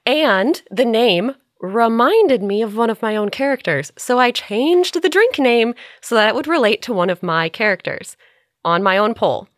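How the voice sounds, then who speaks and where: A woman's voice: fairly high pitch, expressive, normal speed, no echo, studio quality. A woman chatting on a podcast, rambling through a long story. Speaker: podcast player. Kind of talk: casual chat.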